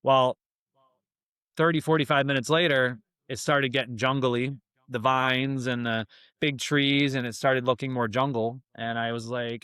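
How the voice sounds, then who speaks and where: A young man telling a story in a casual, animated way, full of slang like "man" and "dude". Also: medium pitch, a little slow, clear, resonant tone, no room sound, clean studio sound. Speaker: guest.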